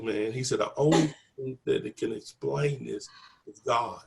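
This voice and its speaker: An interviewed man with a mid-range voice and vocal fry speaks a little slowly as he recounts his story conversationally. He plays out the dialogue, "I said" and "he said" coming up again and again, with earnest, faith-driven conviction.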